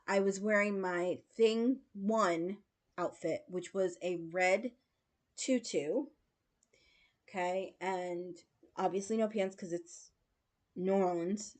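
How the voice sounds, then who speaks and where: A woman in her late forties, chatting casually with her viewers as host of a livestream and telling stories with frequent laughs and fillers. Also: mid-range voice. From United States. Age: 40s. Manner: chatty storytelling, laughs often, many fillers.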